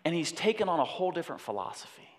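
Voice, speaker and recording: A man preaching a sermon in an animated way, breaking off to act out voices. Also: a little high, rapid-fire. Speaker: pastor. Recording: long hall reverb.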